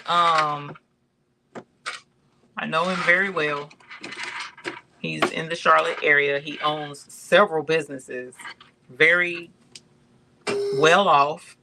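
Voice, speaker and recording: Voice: medium pitch, steady tone, slow pace, long pauses, noisy background. An embroidery channel host chatting casually on a livestream, calling viewers y'all and reading out chat comments.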